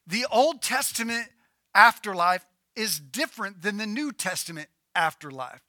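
Animated, bright-voiced male preacher. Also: sits high, normal speed, dry recording, studio quality. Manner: animated storytelling with playful asides. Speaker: pastor. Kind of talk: sermon.

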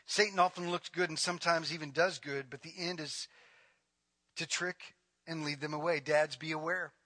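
A man's voice: on the high side, steady tone, normal speed, bright, forceful tone. A middle-aged male pastor preaching a sermon in a church, mixing joking asides with emphatic, rising preaching.

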